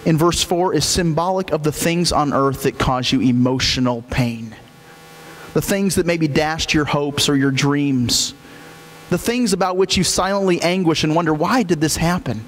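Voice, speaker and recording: Animated preacher in an echoing hall. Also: male voice, a little high. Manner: emphatic, repeats key phrases. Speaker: pastor. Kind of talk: sermon. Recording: echoey hall with faint hum.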